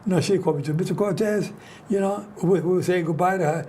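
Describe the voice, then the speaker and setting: An older man hosts a casual talk show, telling long stories in a rambling way and restarting his sentences often. He talks quickly in a slightly high, mellow voice. A faint hiss sits under the recording. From New York. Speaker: host. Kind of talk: casual chat.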